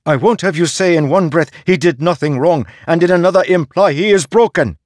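A man voicing a peasant mother in an audiobook; her voice is strong and firm, and she speaks loudly and indignantly. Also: fairly high pitch, fairly quick, dry recording, clean studio sound, voice pushed up, close to an everyday voice. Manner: loud, indignant, clipped. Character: anguished peasant mother, fierce and unyielding.

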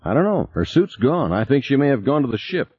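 A man's voice: very animated, a little fast, darkish tone, slightly rough, no room sound. A man voicing an anxious, placating man who coaxes and soothes, in a slightly raised voice, on a slightly dull recording. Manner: soothing, coaxing, somewhat higher voice. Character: middle-aged man, anxious, placating, suspicious.

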